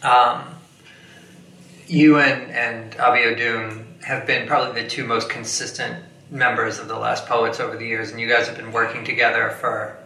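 A man interviewing a guest, asking casual questions with quick, friendly asides. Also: medium pitch, flat delivery, sharp tone, a little hiss or hum. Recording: echoey room, distant mic, faint ambience.

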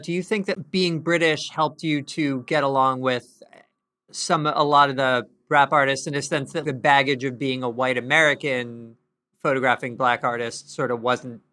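A man's voice: mid-range voice, steady tone, moderate pace, pushed and bright. A man interviewing a guest, asking long, searching questions in a casual tone.

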